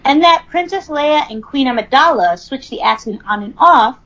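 A woman's voice: high voice, lively intonation, moderate pace, a bit bright. A young woman hosting a podcast in casual chat, talking with lots of ums and likes. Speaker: podcast host. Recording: slightly dull, lo-fi audio.

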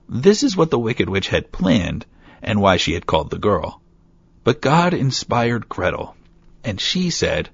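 A man's voice: low-pitched, creaky, a bit bright, breathy edge, dry recording. A man steadily reading a fairy tale aloud as a storyteller. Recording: dull lo-fi recording.

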